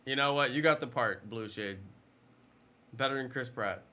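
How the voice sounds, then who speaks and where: A man's voice: medium pitch, moderate pace, sharp tone. A man in his thirties chatting casually on a live stream while gaming, joking and answering chat questions.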